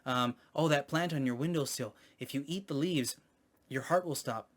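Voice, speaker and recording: A man's voice: medium pitch, normal speed, close to an everyday voice. A man voicing a cheerful, friendly woman psychiatrist making polite small talk.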